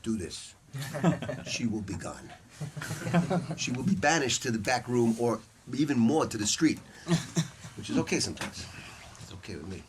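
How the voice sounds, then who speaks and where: Speaking at a normal speed with long pauses, an older man with a medium-pitched voice runs a saxophone masterclass for a small crowd in a music store hall. He swears freely and tells stories casually, mimicking the people he quotes and often breaking into laughter. Faint noise and clicks sit in the background.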